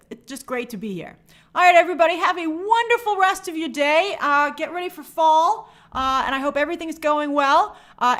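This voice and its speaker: Woman, livestream host, lively intonation, reads chat comments aloud, casual and bubbly. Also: sits high. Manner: reads viewer comments aloud and answers them chattily; animated, bubbly sign-offs.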